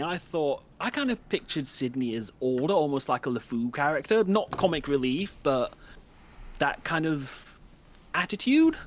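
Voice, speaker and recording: Lively, animated rambling man. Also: a little hiss or hum. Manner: enthusiastic, rambling pitch of ideas. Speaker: book club member. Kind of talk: casual chat.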